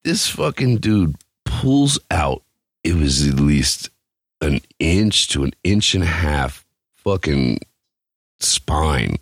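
Deep-voiced joking man on a podcast. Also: big pitch swings, slow, slightly rough, dry recording, clean studio sound. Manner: joking, profane, laughs often. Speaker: podcast host. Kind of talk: crude casual storytelling.

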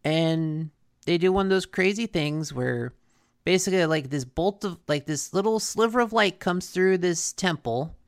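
A woman's voice: lowish voice, expressive, moderate pace. A woman co-hosting a casual chat, recapping a cartoon episode in a rambling way with lots of fillers and restarts. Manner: rambling, filler-heavy storytelling with frequent restarts.

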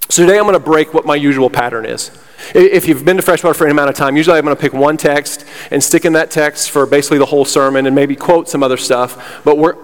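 A man preaching a sermon as pastor, fired up and slightly out of breath, emphatic and repeating himself. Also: a little high. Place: church sanctuary. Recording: long hall reverb.

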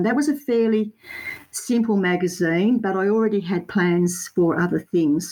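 A woman's voice: lowish voice, a little mellow, poor audio. An Australian woman, a guest artist, telling her story in a rambling, self-correcting way with local slang. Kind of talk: casual interview chat.

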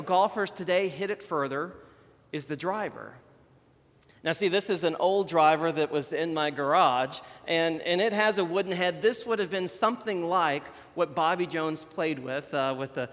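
A man's voice: on the high side, a bit bright, long reverb tail. A man preaching a conversational sermon in a chatty, self-deprecating way. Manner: chatty, self-deprecating, shows props while talking.

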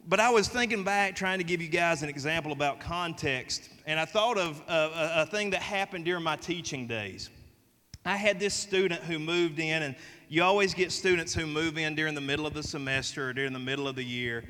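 A man with a Southern US accent preaching a sermon, telling folksy stories in an animated way. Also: a little high, fairly quick, in a large hall. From American South. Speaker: pastor.

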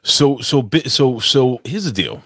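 A man's voice: mid-range voice, big pitch swings, unhurried, a bit bright, slightly rough, no echo, clean studio sound. A man co-hosting a podcast in casual chat, with brash, profane banter. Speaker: podcast co-host. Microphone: podcast microphone.

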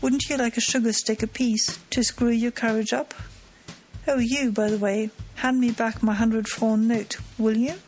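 A woman reading the part of a cool, mocking gentleman thief, teasing and self-assured, in her own voice. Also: fairly high pitch, fairly even intonation, moderate pace, soft background music, close to an everyday voice.

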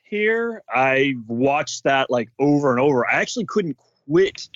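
A man co-hosting a casual fan chat, excitedly retelling scenes with lots of "like". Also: medium pitch, unhurried. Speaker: podcast co-host. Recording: dull dry sound.

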